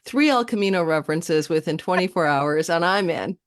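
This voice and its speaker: A woman guest on a live online chat, telling a story in an animated way with uh and um fillers. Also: lowish voice, brisk. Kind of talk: casual storytelling on a live stream.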